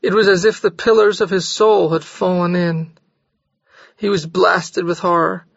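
A man narrating a novel in a steady, measured storytelling voice. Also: sits high, vocal fry, dry recording. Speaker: audiobook narrator. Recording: slightly dull dry recording.

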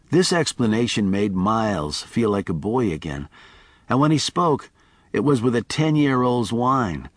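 A man narrating an audiobook in a measured, expressive reading. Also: medium pitch, no room sound.

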